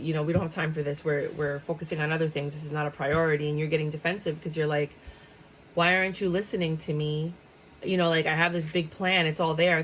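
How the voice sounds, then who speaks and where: A woman's voice: deep voice, slight background noise, poor audio. A woman giving a casual tarot reading, chatty and dramatic, sometimes slipping into a sing-song tone. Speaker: tarot reader.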